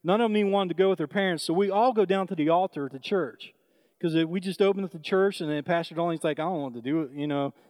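A man with a high voice tells a story from the pulpit in a loose, conversational way, full of fillers and restarts. The recording is dry and close. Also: fast talker, darkish tone, no room sound. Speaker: preacher. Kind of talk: sermon storytelling.

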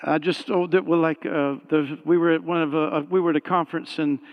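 A man preaching a sermon, telling a story with animated swings and rising to shouted praise. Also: fairly high pitch, fairly quick, long reverb tail, lo-fi sound. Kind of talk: sermon testimony.

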